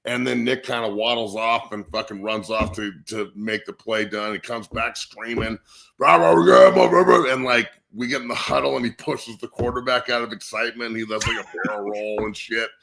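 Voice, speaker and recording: A man, a high school line coach appearing as a podcast guest, telling a crude, boisterous story full of swearing. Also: level tone, brisk, creaky, hardly any pauses, a crowd in the background. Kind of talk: profane storytelling rant.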